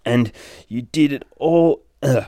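A man's voice: medium pitch, slow, mellow. A man reading a comic aloud to his young child, playful and sing-song, with big reactions. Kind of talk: animated comic read-aloud.

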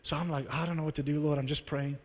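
A man preaching to a live audience, telling a story in an animated, conversational, self-mocking way. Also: fairly high pitch, quick pace. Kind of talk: sermon storytelling. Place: large hall with live audience. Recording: long reverb of a large hall.

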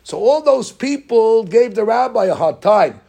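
Gravelly high-voiced rabbi preaching. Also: male voice, measured pace. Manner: animated storytelling, acting out congregants' complaints; mixes Hebrew terms into English. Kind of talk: sermon.

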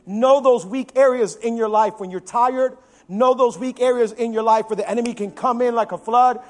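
Animated high-voiced male pastor preaching. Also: moderate pace. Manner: animated, swings from loud emphasis to quiet intensity; acts out quotes of biblical figures with his own voice. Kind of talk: sermon.

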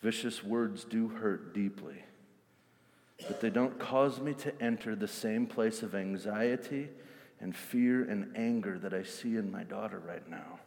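A man voicing a calm mother who reassures herself in slow, quiet inner talk. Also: fairly low pitch, vocal fry. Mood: steady. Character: calm, self-assured mother steadying herself. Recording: long hall reverb.

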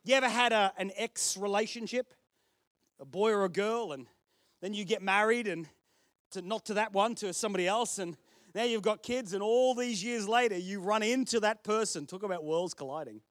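A man's voice: high voice, normal speed, a bit bright, no room sound, clean studio sound. A man with an Australian accent, a pastor preaching a sermon in a chatty, storytelling way with self-deprecating humour.

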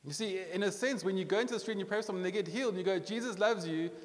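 A man preaching a sermon as a pastor, talking in a conversational, animated way with quick restarts. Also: sits high. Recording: long hall reverb.

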